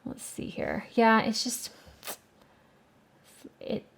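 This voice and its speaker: A woman's voice: on the high side, huge pitch swings, drawn-out words, creaky. A woman hosting an art channel, casually reviewing watercolor paints and thinking aloud with hesitant fillers. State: has the hiccups.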